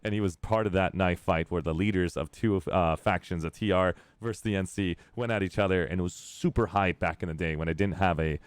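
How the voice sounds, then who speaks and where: Deep-voiced man hosting a game stream. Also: brisk, few pauses, smooth, dry recording. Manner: upbeat, rambling, laughs often. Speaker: streamer host. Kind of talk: casual live-stream chat.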